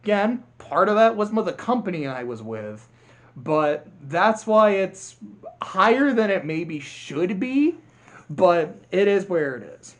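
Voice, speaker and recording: Male vlogger, higher voice, casual rambling film review, quick to laugh. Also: big pitch swings. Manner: rambling, self-interrupting, laughs often. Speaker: video creator.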